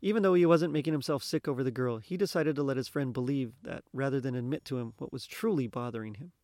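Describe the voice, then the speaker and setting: A man narrating a story chapter in a steady, expressive reading voice. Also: mid-range voice, fast talker, dry recording, studio quality. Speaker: reader.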